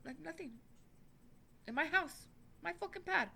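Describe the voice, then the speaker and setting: A woman's voice: very high voice, lively intonation, a little slow, vocal fry, sharp tone. A woman telling a personal story to the camera in a rambling, blunt way, swearing constantly. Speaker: vlogger. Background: faint background music.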